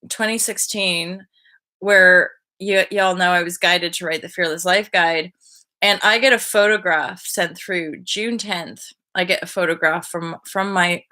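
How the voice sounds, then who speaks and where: A woman in her thirties talks loosely to her viewers on a live spiritual update. Her voice is bright and forward, and she rambles and sidetracks. She keeps jumping up into high, gushing voices. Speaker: spiritual vlogger hosting a live energy update. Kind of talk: rambling casual live chat.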